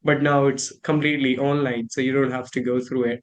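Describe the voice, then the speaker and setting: Chatty Indian-accented man, slightly high voice. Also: fairly quick, hardly any pauses. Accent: Indian English. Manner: chatty, rambling, with frequent fillers and laughs. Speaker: host learning pronunciation. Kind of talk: casual conversational lesson.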